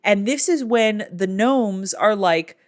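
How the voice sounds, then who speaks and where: A woman hosting a casual movie recap, telling the plot in a lively way and acting out the characters. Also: mid-range voice, slow. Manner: animated storytelling that acts out characters. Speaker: film recap host.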